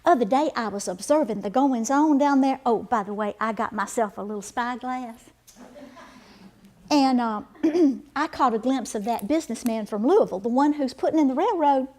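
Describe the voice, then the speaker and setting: A woman's voice: a little high, moderate pace, darkish tone, natural voice. A middle-aged woman, playing a chatty, laughing 1880s river-town wife and mother in a period monologue. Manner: gossipy, laughing, folksy.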